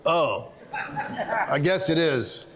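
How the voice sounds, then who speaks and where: A man's voice: on the high side, sing-song, crowd noise, heavily acted. A man putting on a dopey store-clerk drawl. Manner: drawling, slow put-on accent. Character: dopey young male supplement-store clerk. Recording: reverberant conference hall.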